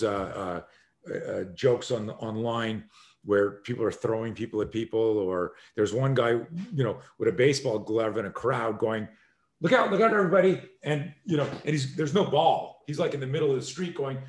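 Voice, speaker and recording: An energetic man in his sixties, talking as a podcast guest at an ordinary mid-range pitch. He rambles through emphatic explanations and acts out little scenes, jumping into sudden shouted lines and swearing freely. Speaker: self-defense instructor, podcast guest. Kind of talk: animated conversational storytelling.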